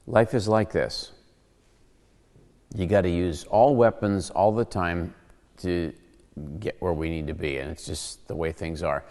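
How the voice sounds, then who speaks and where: Explaining scripture on his casual teaching show, a low-voiced man jokes around and acts out quotes with animation. He speaks at normal speed, and the audio echoes as if in a large hall.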